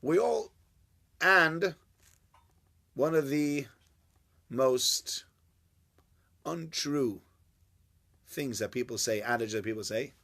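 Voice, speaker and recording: A man's voice: a little high, animated, slow, creaky, long pauses, pushed and bright. A man giving an informal Torah class, chatty and joking with his listeners. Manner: chatty, jokey, banters with listeners. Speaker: Torah teacher.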